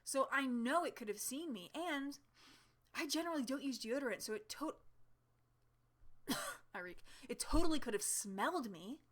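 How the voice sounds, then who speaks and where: A woman telling a story in a casual home vlog, chatty and animated, with lots of fillers and laughter, sitting at home in front of her camera. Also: high-pitched, moderate pace, pauses often. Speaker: vlogger. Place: home, seated in a chair with her cat.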